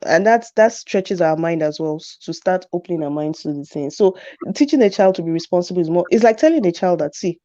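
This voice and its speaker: A woman's voice: on the low side, expressive, brisk, warm tone, no room sound. A middle-aged woman guest in a casual conversation, speaking earnestly and emphatically and laughing easily. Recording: dull dry recording.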